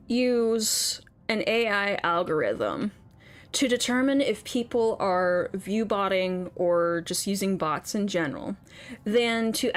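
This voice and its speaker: A woman streaming a game while chatting casually, ranting, swearing and laughing often, and under the weather. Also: medium pitch. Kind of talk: casual chat while gaming.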